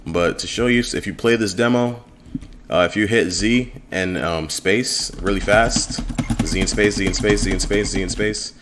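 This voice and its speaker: A man casually narrating a let's play of his own game demo, relaxed and rambling with fillers. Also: lowish voice, moderate pace, slight background noise.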